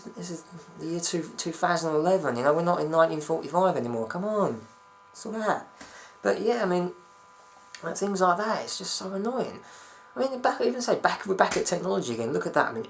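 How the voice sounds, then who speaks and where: A man's voice: a little high, fairly bright tone, a little hiss or hum. A young man ranting to camera at home in a rambling, sweary, sarcastic way. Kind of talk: casual ranting vlog.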